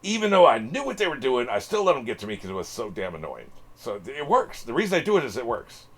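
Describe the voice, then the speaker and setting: A man's voice: mid-range voice, sing-song, fast. A man hosting a solo podcast, rambling through casual talk and swearing freely. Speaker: podcast host.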